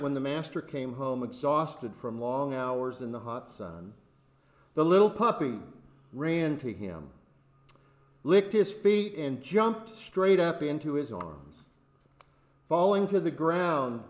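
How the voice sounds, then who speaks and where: A man preaching a sermon and telling a fable, deliberate with measured pauses. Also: fairly high pitch.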